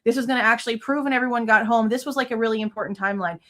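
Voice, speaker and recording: A woman in her thirties with a slightly high voice hosts a true crime livestream. She vents angrily and swears often, talking in a casual, heated way to her viewers. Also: rapid-fire, a bit bright. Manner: angry, venting, frequent swearing.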